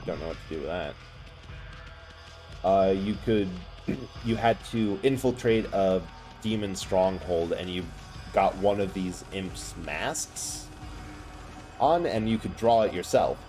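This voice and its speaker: A man with a fairly low voice that swings up and down, rambling through live gameplay commentary. He is chatty and quick to laugh, with game music playing faintly behind him. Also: animated, darkish tone. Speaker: streamer.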